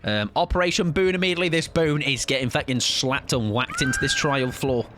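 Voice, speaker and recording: A man's voice: mid-range voice, brisk, noisy background. A young man streaming a game live, chatting in a joking, self-mocking, rambling way.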